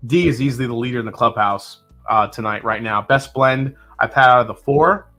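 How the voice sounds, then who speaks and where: A man's voice: medium pitch, fairly quick, soft background music. Chatty man hosting a whiskey tasting. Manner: relaxed, chatty, with fillers and sips. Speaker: whiskey livestream host. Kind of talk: casual live tasting chat, reading chat comments.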